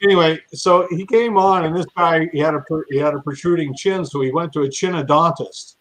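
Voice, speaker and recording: A man's voice: a little high, fairly even intonation, a little fast, fairly bright tone, low-quality recording. A man chatting casually as a guest, rambling and enthusiastic, repeating his phrases. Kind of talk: casual chat.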